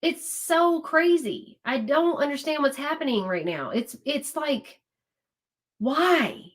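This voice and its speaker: Emphatic woman, fairly high voice. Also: lively intonation, takes it slowly. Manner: emphatic, repeats herself, exasperated asides to viewers. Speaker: livestream host. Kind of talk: casual political commentary, reacting to chat.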